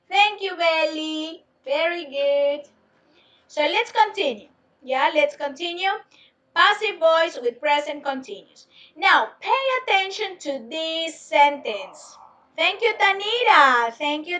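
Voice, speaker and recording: Woman teacher, high and bright, slow and patient, heard from a distance on an online class. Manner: slow, patient, repeats questions to students. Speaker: English teacher. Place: home, on a video lesson.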